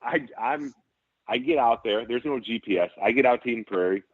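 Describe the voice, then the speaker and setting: A man from Saint Paul, Minnesota, a former football center, telling animated stories with laughs and restarts. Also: mid-range voice, fairly quick, husky, no room sound. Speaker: former NFL center, guest. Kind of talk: casual storytelling. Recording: tinny phone-like line, dry.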